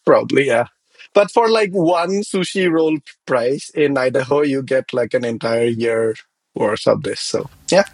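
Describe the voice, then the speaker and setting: A man co-hosting a podcast in casual chat, agreeable and quick with short affirmations. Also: mid-range voice, creaky, breathy edge, no echo. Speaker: podcast co-host.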